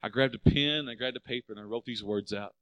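Preaching quickly with no echo in the recording, a middle-aged man delivers a sermon as pastor. He's emphatic, growing louder on key phrases and lowering his voice for personal stories.

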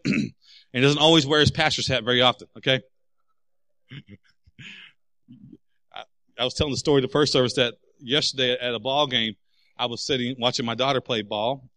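A man's voice: medium pitch, sharp tone, dry recording. A man preaching a sermon as pastor, candid and emphatic, telling personal stories.

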